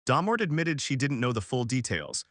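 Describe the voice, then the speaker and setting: Lively man narrating a story recap. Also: mid-range voice, dry recording, studio quality. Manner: punchy, slangy retelling with quick restarts.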